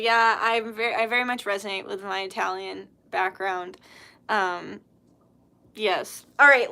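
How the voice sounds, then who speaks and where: A woman's voice: a little high, pushed and bright. A woman hosting a casual livestream, chatting, telling stories with laughs and reading comments, blunt when annoyed. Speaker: spiritual healer and livestream host.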